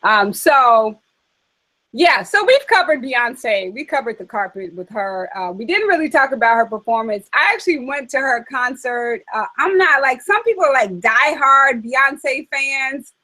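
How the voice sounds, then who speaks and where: A woman hosts a relaxed conversation, with a slightly high voice. She chats in a lively, animated way and fills her talk with ums and likes. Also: a little slow, low-quality recording. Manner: chatty, animated, many fillers. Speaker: host. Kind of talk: casual chat.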